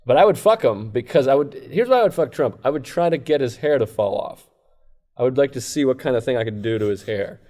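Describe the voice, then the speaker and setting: A man's voice: medium pitch, animated, brisk, dark tone. A man who is a comedian, talking as a guest on a podcast in a casual, rambling, self-deprecating way. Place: comedy club.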